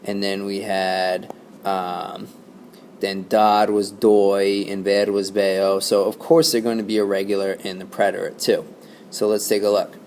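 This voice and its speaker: A man's voice: lowish voice, flat delivery, unhurried, darkish tone, a little hiss or hum. A man teaching a Spanish lesson to his class, explaining patiently and checking in with "okay?" and "right?".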